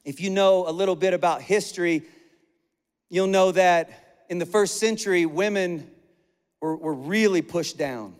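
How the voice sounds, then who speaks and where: A man pastor delivering an energetic, conversational sermon, piling up repeated phrases for emphasis. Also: high voice, a little slow. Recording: long hall reverb.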